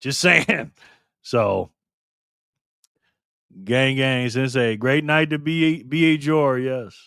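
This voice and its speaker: A man hosting a casual live stream, reading the chat aloud with excitement and frequent laughter. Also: mid-range voice, slow pace, vocal fry, smooth, no echo, clean studio sound.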